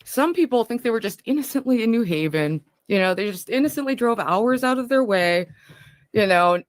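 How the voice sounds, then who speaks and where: A woman's voice: a little high, animated, normal speed, no room sound. A woman talking casually on her livestream, scattered and rambling.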